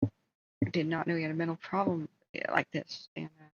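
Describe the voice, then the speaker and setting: A woman's voice: deep voice, normal speed, lo-fi sound. A woman hosting a livestream, telling a long story in a casual, rambling way and breaking off for asides. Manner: rambling, animated retelling with asides. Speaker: livestream host.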